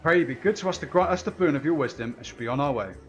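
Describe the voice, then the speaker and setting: A man's voice: on the high side, lively intonation, quick pace, soft background music, lightly acted. A man reading game lines aloud, voicing an earnest young scholar who speaks formally and solemnly.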